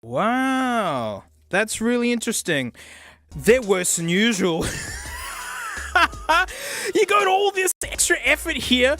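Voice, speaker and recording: A man reviewing a gadget in a casual vlog, excitable and sarcastic. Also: very high-pitched, slow, pauses often, faint music behind. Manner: excitable and sarcastic, laughs often.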